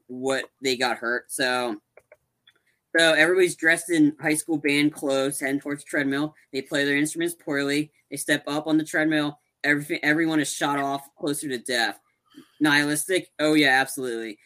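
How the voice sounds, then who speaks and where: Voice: mid-range voice, bright, forceful tone. A young adult podcast co-host chatting casually about a movie, rambling with lots of fillers and restarts.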